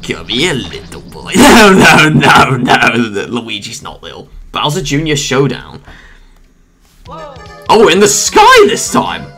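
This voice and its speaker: Gamer for a let's play, unhurried but animated delivery, jumpy exclamations, rambling jokes, faint game music underneath. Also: mid-range voice. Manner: excitable, exclaims and laughs often; rambling jokey asides. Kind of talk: casual gameplay commentary.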